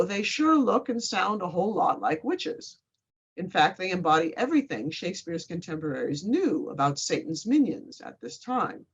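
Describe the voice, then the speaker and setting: Woman, professor, pre-show lecture, animated pitch, wry deadpan asides, dull lo-fi sound. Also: breathy edge. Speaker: literature professor. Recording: slightly muffled lo-fi recording.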